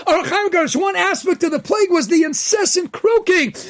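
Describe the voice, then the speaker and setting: Super high-pitched guy preaching a torah talk, keeps shouting and asking the crowd questions. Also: moderate pace. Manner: emphatic, often shouting, asks rhetorical questions; peppers English with Hebrew and Yiddish terms. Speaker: rabbi giving a weekly Torah talk. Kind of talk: impassioned Torah sermon.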